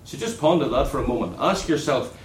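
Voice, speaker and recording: A man preaching a sermon in an earnest way, dropping low and soft on key words. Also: animated, fairly quick, echoey room, rough recording.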